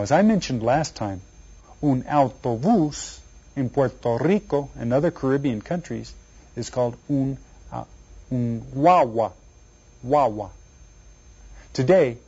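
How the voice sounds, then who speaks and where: A man teaching an elementary Spanish lesson to children, repeating each word slowly and quizzing the listener. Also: medium pitch, a little mellow. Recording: dull lo-fi recording.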